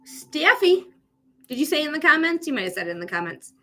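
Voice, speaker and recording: A woman's voice: high voice, very animated, fairly quick, fairly bright tone, soft background music. A woman hosting a live psychic reading stream, chatting casually with viewers and swearing now and then.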